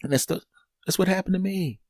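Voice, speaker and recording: A man's voice: sits high, fairly quick, dry recording. A male comedian spins a long personal story on his podcast, his voice leaping way up whenever he mimics the people in it. The sound is close and dry, with no room around him. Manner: animated, acts out other people's voices in the story.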